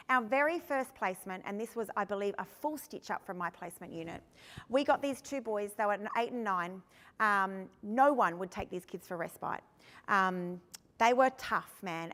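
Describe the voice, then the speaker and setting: A woman's voice: on the high side, fairly bright tone. An Australian woman who trains foster carers and is one herself, giving a workshop talk in a chatty storytelling way and asking the audience questions. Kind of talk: conference workshop presentation. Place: conference room. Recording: long hall reverb.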